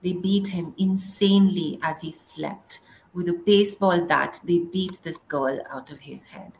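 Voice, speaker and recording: A middle-aged woman performing a spoken word poem in a slow, measured recitation. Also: fairly low pitch, gravelly, slight background noise, rough recording. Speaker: poet.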